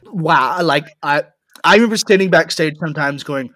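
A young man hosting a casual podcast chat, rambling and halting with lots of fillers. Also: a little high, a loud crowd. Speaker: podcast host.

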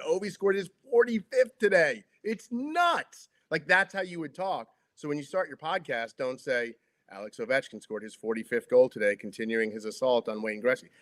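A man's voice: medium pitch, a bit bright. Chatty middle-aged man giving advice. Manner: chatty, many fillers and restarts. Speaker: former TV sports broadcaster, interview guest. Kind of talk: casual interview chat.

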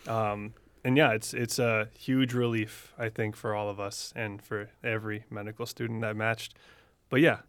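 A man's voice: lowish voice, flat delivery, moderate pace, fairly bright tone, clear, resonant tone, no echo. A man in his twenties co-hosting a podcast, easygoing and friendly as he recaps. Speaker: podcast co-host. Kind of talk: casual chat among medical students.

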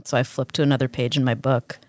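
A woman's voice: rumbling low, flat delivery, fast talker, no room sound. A woman playing a tabletop game, gleeful and blunt, laughing often. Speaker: player. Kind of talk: casual tabletop game chat.

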